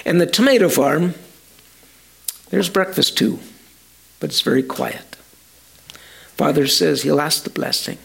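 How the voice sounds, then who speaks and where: Slow gravelly male storyteller. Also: on the high side. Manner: slow, dramatic, speaks to listeners directly. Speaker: storyteller preacher. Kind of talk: storytelling sermon.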